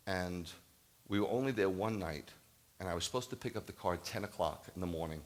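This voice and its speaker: Older male rabbi, low deep voice, lively anecdotal sermon delivery. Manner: animated storytelling, swings from loud laughing bursts to quiet reflection. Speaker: rabbi preaching.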